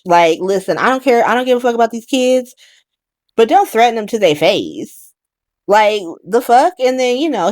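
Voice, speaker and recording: A woman hosting a casual soap opera recap, talking in an animated, profane way with laughing asides. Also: deep voice, dry recording, clean studio sound.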